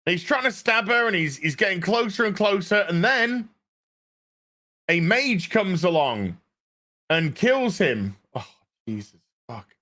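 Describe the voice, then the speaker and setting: A man's voice: sits high, very animated, unhurried, long pauses, sharp tone. A man ranting sarcastically and with a lot of swearing while reviewing a show. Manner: sarcastic, profane.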